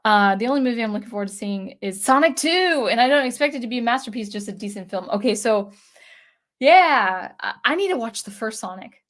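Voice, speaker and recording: A woman's voice: fairly high pitch, lively intonation, brisk, a bit bright. A woman in her thirties chats casually on a livestream, reading viewers' comments aloud. Her voice sounds weak and thick with phlegm from allergies. She rambles and hesitates, often starting her sentences over. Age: 30s. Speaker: channel host reading live chat.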